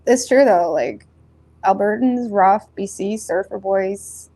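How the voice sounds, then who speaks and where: A woman with a Nova Scotian accent doing a tarot reading in a rambling, casual chat, full of fillers and self-corrections, blunt and quick to laugh. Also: medium pitch, warm tone. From Nova Scotia, Canada. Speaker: tarot reader.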